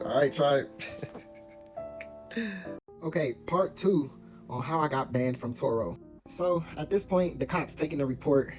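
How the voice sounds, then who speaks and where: A man's voice: mid-range voice, a little mellow. Slangy young man telling a story. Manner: slangy, rambling, full of asides. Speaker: storyteller vlogger. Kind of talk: casual storytime. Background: faint guitar music.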